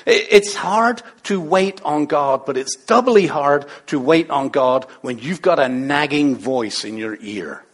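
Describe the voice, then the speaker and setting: A man's voice: a little high, a little slow, hardly any pauses. A man preaching a sermon in a playful, conversational way, full of rhetorical questions. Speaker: pastor.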